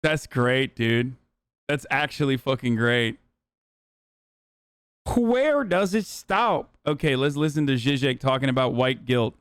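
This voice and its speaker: A man's voice: medium pitch, steady tone, moderate pace, fairly bright tone, clean tone, no echo, studio quality. A man hosting a political stream, reading headlines aloud with sarcastic, profane reactions. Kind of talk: live stream commentary.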